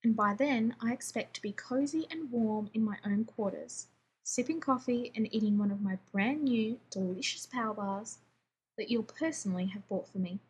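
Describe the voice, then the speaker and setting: A woman's voice: fairly high pitch, moderate pace, slight background noise, close to an everyday voice. A woman voicing a grumpy, demanding male scientist who talks in a snappish, sarcastic way, read as part of a story.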